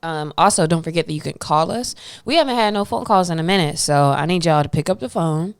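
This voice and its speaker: A woman with a low voice and a smooth, resonant tone, co-hosting a casual podcast. She talks in a relaxed, slangy way and drifts through fillers. The sound is dry and close. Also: fairly quick, no echo. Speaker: podcast co-host.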